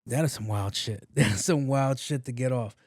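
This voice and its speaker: Podcast host, man in his late thirties, casual and profane, mid-pitched voice, dry close sound. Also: moderate pace, a little mellow, no echo. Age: 30s. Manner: loose, profane, repeats himself. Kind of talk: casual solo podcast commentary.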